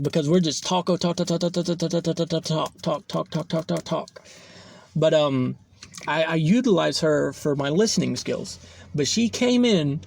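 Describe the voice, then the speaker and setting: A man's voice: a little high, vocal fry, a little mellow, no echo. A young man hosting a podcast, telling a personal story in a rambling, profane way, full of fillers. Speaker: podcast host. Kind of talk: casual storytelling monologue.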